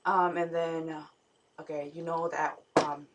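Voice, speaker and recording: Young woman, vlog, rambling dream retelling, lowish voice, set back from the mic. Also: flat delivery, unhurried, heavy background noise. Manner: rambling, many fillers and restarts. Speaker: vlogger. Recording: voice somewhat far from the mic.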